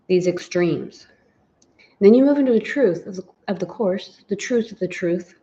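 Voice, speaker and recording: A woman's voice: mid-range voice, normal speed, dark tone, muffled recording. A woman teaching a guided spiritual lesson, reflective and personal, often speaking her inner thoughts aloud.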